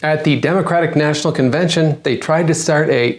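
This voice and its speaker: A man's voice: fairly high pitch, moderate pace. A man hosting a comedy news segment, delivering a satirical monologue with sarcastic punchlines.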